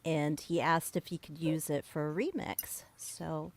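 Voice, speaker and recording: A woman's voice: low-pitched, fairly even intonation, measured pace, crowd noise. A woman chatting as a guest on a livestream, frank and casual, swearing now and then. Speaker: regular guest.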